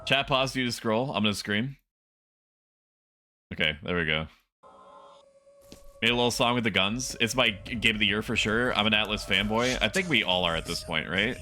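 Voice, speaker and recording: Bright-voiced excitable male game streamer. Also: on the low side, normal speed, long pauses, soft background music. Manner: excitable, chatty, bursts into loud disbelieving yelps. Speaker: streamer playing a horror shooter. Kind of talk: casual game stream commentary.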